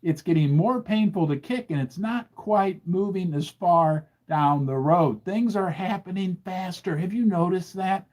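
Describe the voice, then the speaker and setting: A man hosting a livestream, talking in an animated, indignant way and firing questions at his audience. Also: high-pitched, measured pace, hardly any pauses. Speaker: host. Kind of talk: livestream commentary.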